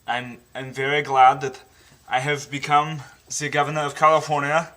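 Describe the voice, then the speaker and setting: A man doing an impression of a famous action-star governor, boasting and ranting in loud outbursts. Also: on the high side, flat delivery, moderate pace. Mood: boastful.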